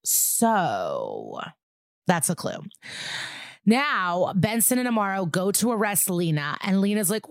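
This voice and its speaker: A woman's voice: medium pitch, very animated, moderate pace, dry recording, studio quality. Sarcastic, profane woman podcast host. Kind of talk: casual episode recap.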